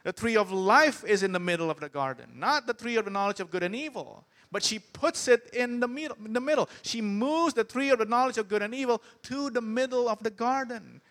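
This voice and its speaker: A man's voice: very high voice, expressive, a little fast, few pauses, fairly bright tone. A man preaching a sermon, emphatic and often turning to the congregation with questions. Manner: emphatic, asks the crowd questions.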